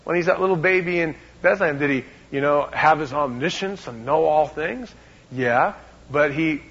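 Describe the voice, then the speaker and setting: A man's voice: fairly high pitch, husky. Emphatic preaching man, muffled recording. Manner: emphatic, shifts between loud and hushed; repeats words as he talks. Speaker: pastor. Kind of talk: sermon.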